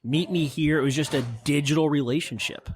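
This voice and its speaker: A man's voice: fairly high pitch, fairly even intonation, slight background noise. Earnest, dry-humored male co-host. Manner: earnest, dry, slightly halting. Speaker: podcast co-host. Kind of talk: casual comedic podcast banter. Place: recording studio.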